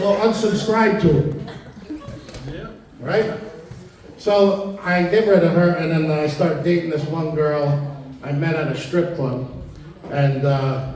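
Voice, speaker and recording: A man doing a stand-up comedy routine, telling stories in a deadpan way and acting out the dialogue. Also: on the high side. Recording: echoey room, mic at a distance. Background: audience laughter.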